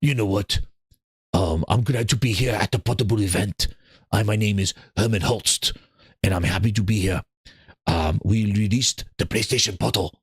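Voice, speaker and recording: A man putting on a low-voiced, coy male game executive with a mock French accent, hedging and teasing. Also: slightly rough, no room sound, studio quality. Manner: halting, teasing, mumbled hedges.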